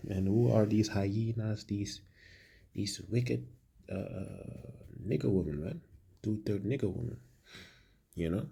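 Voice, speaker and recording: Brief: male religious commentator, dark and raspy, halting preaching delivery. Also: lowish voice. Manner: halting, repeats words, many fillers; ends phrases with "man".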